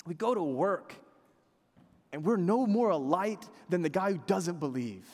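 A man in his thirties preaching a sermon, conversational and animated, dropping to quiet earnest asides. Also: sits high, unhurried, long reverb tail. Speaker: pastor.

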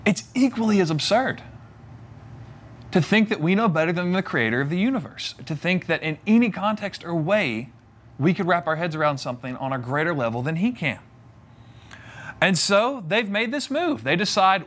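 A man's voice: high voice, very animated, moderate pace, a bit bright. A young man giving a sermon, conversational and humorous, acting out the voices in the story he retells. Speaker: preacher.

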